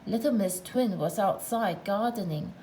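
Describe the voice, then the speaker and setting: A woman's voice: medium pitch, a little slow, warm tone, slight background noise, rough recording. A woman narrating a children's storybook aloud, with playful asides to the listener.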